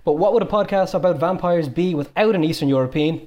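A man's voice: a little high, fast, dull audio. A young Irish man hosting a casual podcast, joking and teasing his guests in a chatty way. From Ireland. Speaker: podcast host.

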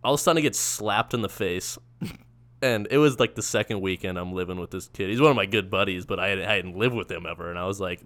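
Young guy, lowish smooth voice, laid-back podcast story, cussing and laughing. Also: fast, fairly bright tone. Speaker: podcast co-host. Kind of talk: casual chat.

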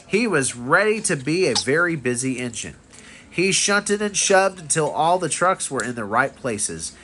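A father reading a picture book aloud to his son, expressive with small slips. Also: fairly high pitch, slight background noise. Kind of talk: bedtime storybook reading.

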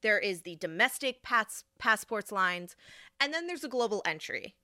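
A young woman vlogger telling a casual story, animated and exasperated, often acting out what people said. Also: medium pitch, normal speed, no echo, studio quality.

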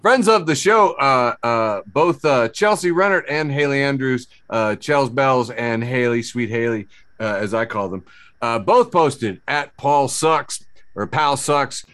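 A man's voice: mid-range voice, lively intonation, unhurried, a bit bright, no room sound. A man hosting a casual comedy podcast, rambling with lots of fillers and frequent laughs. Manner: rambling, many fillers and restarts, laughs often. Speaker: podcast host.

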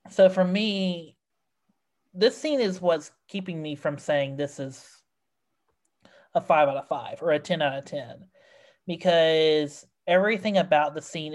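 Brief: unhurried rambling film podcast host, exasperated critique, mid-range voice. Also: medium pitch. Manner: rambling, exasperated, many fillers. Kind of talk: casual film review chat.

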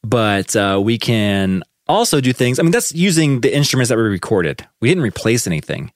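Very animated at a moderate pace, this man's mid-range voice comes through with no room sound. He co-hosts a podcast out of his own studio, chatting enthusiastically, fillers and all, about studio production and putting tracks together.

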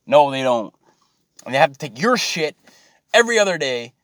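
A man's voice: on the high side, big pitch swings, moderate pace, fairly bright tone, no room sound, studio quality. A man, ranting and swearing in a mocking, exasperated monologue to his viewers.

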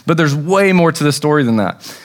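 A young American man giving a casual, storytelling sermon in a church, with plenty of fillers and quick acted-out quotes. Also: on the high side, lively intonation. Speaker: preacher. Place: church sanctuary.

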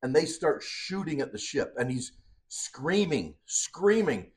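Podcast co-host, male, mid-range voice, lively step-by-step retelling, relaxed chat. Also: mid-range voice, normal speed. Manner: animated plot retelling. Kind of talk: casual chat.

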